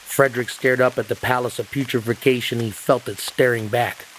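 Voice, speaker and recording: A man reading a horror story aloud in a measured, ominous way. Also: medium pitch, fairly even intonation, fairly bright tone, a little hiss or hum, poor audio. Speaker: narrator. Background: backing music.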